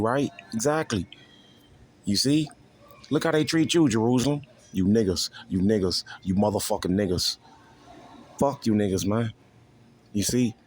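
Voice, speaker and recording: Low-voiced man preaching with profanity. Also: darkish tone, slight background noise. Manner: crude, repeats "you see" constantly. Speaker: street preacher.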